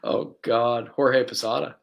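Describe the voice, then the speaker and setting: A man's voice: medium pitch, level tone, unhurried, vocal fry. A man co-hosting a casual talk show, hesitant and jokey, often restarting his sentences. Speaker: podcast co-host. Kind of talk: casual chat.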